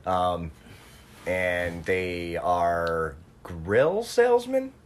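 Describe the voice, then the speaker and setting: Low-voiced man rambling on a podcast. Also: sing-song, very slow. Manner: rambling, jokey anecdotes with many fillers. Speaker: podcast host. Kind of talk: casual chat.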